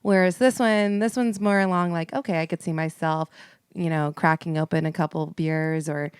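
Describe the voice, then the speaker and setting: Female podcast co-host, chatty and rambling, lowish smooth voice. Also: steady tone, normal speed, dry recording, studio quality. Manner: chatty, rambling, laughs easily. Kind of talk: casual chat.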